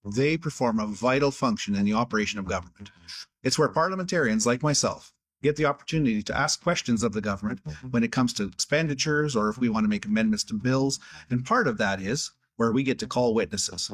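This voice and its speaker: A man's voice: medium pitch, fast, dry recording. A man who is a member of parliament, delivering a scripted, sarcastic video address. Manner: sarcastic, exasperated.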